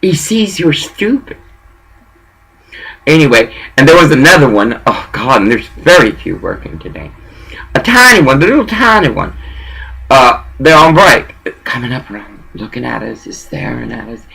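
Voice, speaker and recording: A man's voice: mid-range voice, very animated, moderate pace, gravelly, bright, forceful tone, husky, poor audio. A man telling a rambling, profane story in a casual monologue and dropping in bits of Spanish.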